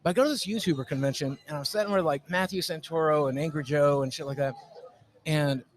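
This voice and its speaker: Rowdy, sweary man with a higher voice. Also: quick pace. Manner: rowdy, sweary, animated storyteller. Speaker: guest YouTuber. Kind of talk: casual convention podcast chat. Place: comic convention.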